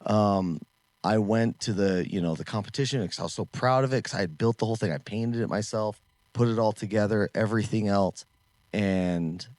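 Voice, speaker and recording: Brief: middle-aged male co-host, very low voice, dry close sound, animated storyteller. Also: moderate pace, dry recording. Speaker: podcast co-host, martial arts instructor. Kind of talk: casual storytelling chat.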